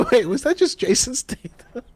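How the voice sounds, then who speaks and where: High-voiced laughing male co-host. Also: sing-song, measured pace, darkish tone, husky. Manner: easygoing, laughs often. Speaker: podcast co-host. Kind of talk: casual chat.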